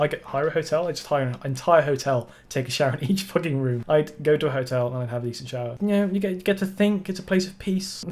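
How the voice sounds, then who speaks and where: A man giving sarcastic, swearing reaction commentary, laughing often. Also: fairly high pitch. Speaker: reaction video host.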